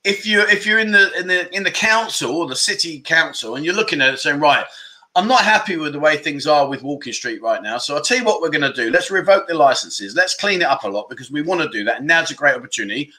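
A man hosting a casual livestream, chatting, joking and reading out viewer comments in a rambling, animated way. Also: on the high side, fast talker, rough recording. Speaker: livestream host.

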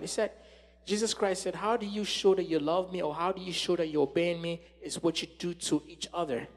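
A man preaching a sermon with passion, swinging from loud exclamations to hushed tones. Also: on the high side, normal speed. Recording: long hall reverb.

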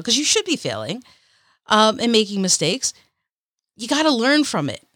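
A woman's voice: fairly high pitch, wildly swooping pitch, moderate pace, a bit bright, dry recording, clean studio sound. A woman hosting a motivational podcast, talking in an upbeat, encouraging and chatty way. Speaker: podcast host.

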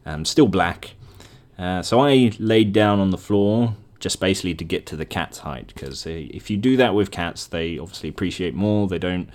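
A man with a low, darkish voice speaks at a normal speed. As a podcast host, he casually retells a dream alone, chatting and rambling and laughing at himself.

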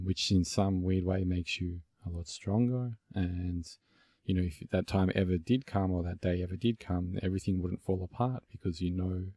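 A man from Australia hosts a relaxed podcast conversation, his deep voice carrying a husky edge. He talks reflectively, circling back with fillers and restarts. The sound is dry and close. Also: no room sound. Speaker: podcast host. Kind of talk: casual conversation.

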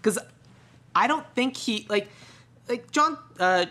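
A woman chatting casually on a podcast, telling stories with quick asides. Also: on the high side, expressive, pushed and bright. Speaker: podcast guest, screenwriter. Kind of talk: casual chat about a cartoon episode.

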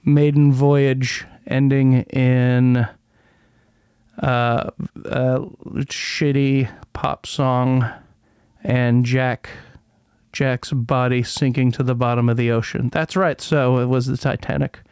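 A man's voice: medium pitch, flat delivery, slow pace, a little mellow, clean tone, dry recording, studio quality. A man hosting a casual solo podcast, rambling and sarcastic, who stumbles over words as he reads out an old news article. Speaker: podcast host.

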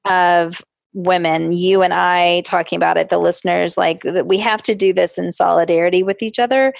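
Woman podcast co-host, gravelly fry, dry close sound, reflective. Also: fairly low pitch, steady tone, no room sound. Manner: reflective, conversational, drawn-out stresses. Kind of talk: casual podcast conversation.

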